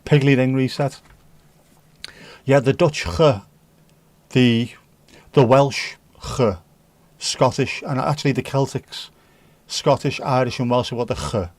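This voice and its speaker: A man's voice: medium pitch, steady tone, takes it slowly, long pauses, no echo. Chatty Scouse man hosting a livestream. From Liverpool, England. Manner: chatty, jokey, reads out chat comments. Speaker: livestream host. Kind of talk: casual live chat with viewers.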